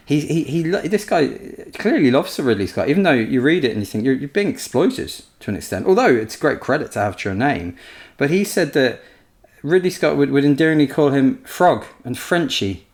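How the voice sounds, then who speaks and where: A man with a mid-range voice chats casually as a podcast co-host. He is a historian who talks things through loosely and brings anecdotes to life with lively impressions. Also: mid-range voice, brisk. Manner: chatty, storytelling, animated impressions.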